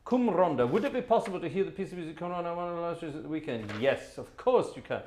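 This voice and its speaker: A man's voice: a little high, animated, fairly quick, darkish tone. Flustered man hosting an organ stream. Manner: self-deprecating, flustered, sighing. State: sweaty and exhausted. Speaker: organist and livestream host. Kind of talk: casual live-stream chat between pieces.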